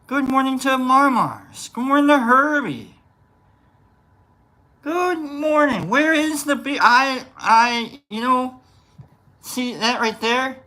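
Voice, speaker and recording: Guy doing his morning livestream, bright voice, greets chat by name, rambly and loose. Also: extremely high pitch, takes it slowly. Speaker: livestream host.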